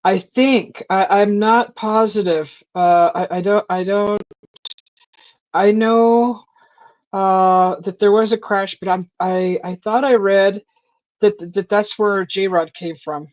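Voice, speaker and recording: A woman in casual chat, rambling through a story and acting out quotes in a higher voice, on a stream mic. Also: steady tone, takes it slowly, darkish tone, no echo. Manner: rambling storyteller, acts out quotes with a high voice and laughs. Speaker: stream host. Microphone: streaming call mic. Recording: dull lo-fi stream audio.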